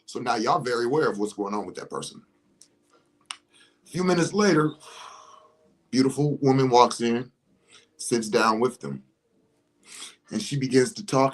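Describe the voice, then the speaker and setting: A man's voice: mid-range voice, normal speed, pauses often, low-quality recording. A man, talking in a casual monologue and acting out scenarios with rhetorical questions. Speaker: commentator.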